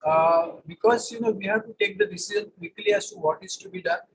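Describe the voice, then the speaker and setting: A man's voice: high-pitched, wildly swooping pitch, a little fast, fairly bright tone, low-quality recording. A man giving an online medical lecture over a video call, talking with many hesitations and filler sounds. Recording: patchy video call audio with faint room noise.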